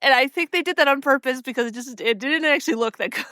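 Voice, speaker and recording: A woman's voice: sits high, fast, sharp tone, dry recording, clean studio sound. A woman co-hosting a podcast, chatting casually with lots of "like" and easy laughter. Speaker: podcast co-host. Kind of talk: casual recap chat.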